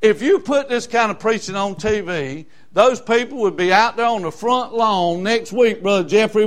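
Older Southern US preacher from South Carolina, raised-pitch voice, fiery and folksy delivery. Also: male voice. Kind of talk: sermon.

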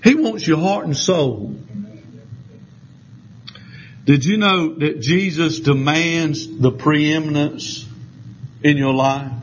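A man preaching a fervent sermon, rising at times to shouts. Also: fairly high pitch, slow. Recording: dull lo-fi with faint noise.

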